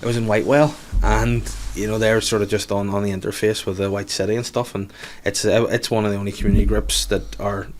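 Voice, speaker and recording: A man with a Belfast accent, a podcast guest telling lively anecdotes in casual chat and swearing freely. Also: fairly low pitch, fast talker, few pauses, slight background noise. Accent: Northern Irish, Belfast.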